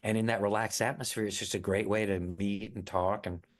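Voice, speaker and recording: A middle-aged actor talking as an interview guest, upbeat and chatty. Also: male voice, lowish voice, steady tone, brisk. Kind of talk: casual interview chat.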